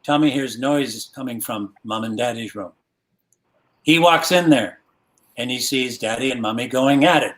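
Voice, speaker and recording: A man telling a crude joke to friends, acting out the quotes with loud outbursts. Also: mid-range voice, moderate pace. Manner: animated, shouts the punchy quotes.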